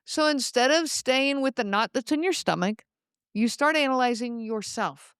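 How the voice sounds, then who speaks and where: A woman hosting a solo podcast, speaking in a calm, reflective way and addressing the listener directly. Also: high-pitched, moderate pace, clean tone, no room sound, studio quality. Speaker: podcast host.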